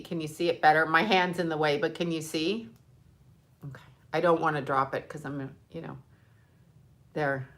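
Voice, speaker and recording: An older woman, a grandmother, chatting casually and emotionally on a livestream, rambling and swearing now and then. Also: sits low. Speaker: livestream host.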